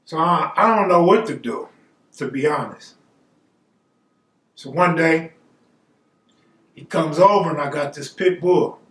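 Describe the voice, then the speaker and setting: High-voiced man telling a street story. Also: a little slow, pauses often, fairly bright tone, reverberant, recorded from a distance. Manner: laid-back, slangy, acts out quoted dialogue. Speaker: storyteller host. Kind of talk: casual storytelling.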